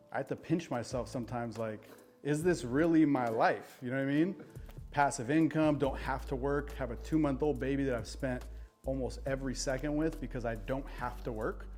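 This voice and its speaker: A man's voice: mid-range voice, darkish tone. Man, podcast guest, earnest and emotional, chatty with fillers, faint music behind. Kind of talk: candid personal storytelling. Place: podcast studio with live audience.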